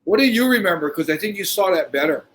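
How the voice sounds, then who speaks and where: A middle-aged man telling a story in casual podcast talk, animated and swearing freely, often restarting his sentences. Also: high voice, fast talker, rough recording. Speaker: podcast host.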